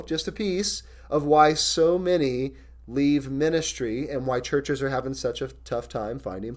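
A male pastor preaching a sermon in an earnest, candid, personal way, reading scripture slowly and deliberately. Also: on the high side.

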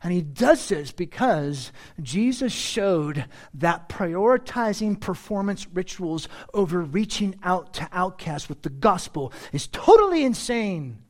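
A man preaches to his congregation in an animated, chatty way, throwing in jokes and playful asides. His pitch roams widely as he talks, rising high for emphasis and dropping low for confiding remarks. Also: measured pace. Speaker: pastor. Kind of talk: sermon.

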